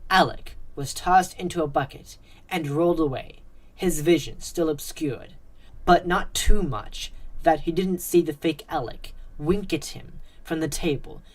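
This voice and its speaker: A woman reading a dark horror story aloud in a measured, suspenseful way. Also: deep voice. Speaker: narrator. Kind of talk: scripted story narration.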